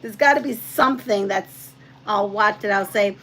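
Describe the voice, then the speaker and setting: A woman's voice: mid-range voice, moderate pace. Chatty lady quilter talking while she sews, laughs a lot, bit of faint noise behind. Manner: chatty, laughs often, reads out trivia questions. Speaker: quilting channel host. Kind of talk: casual chat while quilting.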